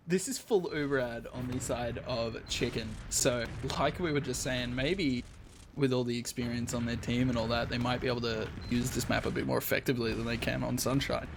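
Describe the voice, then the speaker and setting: A man's voice: medium pitch, steady tone, brisk, gravelly, background noise. A man casting a live esports match play-by-play, laid-back and self-deprecating, laughing often.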